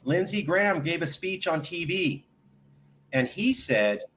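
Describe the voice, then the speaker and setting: A man hosting a political talk show, chatty and animated, who quotes people at length as he sets up his questions. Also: a little high, unhurried, a little hiss or hum. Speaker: host.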